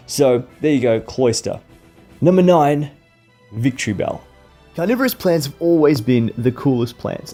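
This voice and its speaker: An eager man runs through his countdown in a relaxed, chatty way. His voice is mellow and warm, at a middle pitch. Faint music plays behind him. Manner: enthusiastic, chatty, fan ranting. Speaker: YouTuber. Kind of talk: casual countdown vlog.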